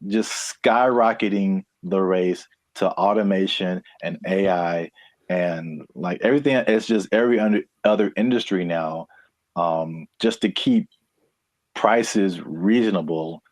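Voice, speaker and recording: A man's voice: sits low, measured pace, no echo. A man from California co-hosting a casual podcast, playful and rambling, laughing often. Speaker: podcast co-host.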